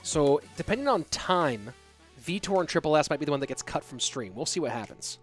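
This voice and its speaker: Casual chatty esports caster, slightly high voice. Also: male voice, animated, brisk, soft background music. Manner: casual, chatty, answers viewer questions. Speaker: esports caster and stream host. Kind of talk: live stream commentary and chat reading.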